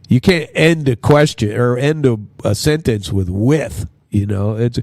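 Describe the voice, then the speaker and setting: A man's voice: medium pitch, normal speed, a little mellow, no room sound, clean studio sound. A man hosting his own radio show, rambling through news commentary with many fillers and restarts. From Minnesota. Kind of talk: casual news commentary monologue.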